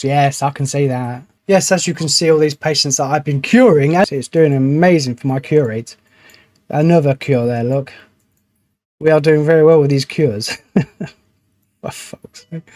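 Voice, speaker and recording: A man's voice: fairly high pitch, a little mellow, no room sound. A man commenting on his own gameplay in a chatty, grumbling way, swearing now and then when frustrated. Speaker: gaming channel host. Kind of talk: let's play commentary.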